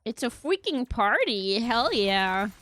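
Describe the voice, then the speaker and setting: A woman's voice: on the high side, sing-song, slow, fairly bright tone, faint music behind. A young woman streaming a game, chattering playfully to her chat and teammates with silly bits. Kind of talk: casual gaming livestream chatter.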